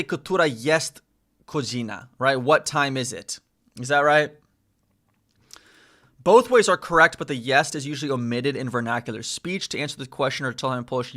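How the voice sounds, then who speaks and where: A man's voice: medium pitch, pushed and bright. A man streaming live, learning a language and thinking aloud, repeating phrases and correcting himself. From United States. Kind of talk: casual live-stream self-study.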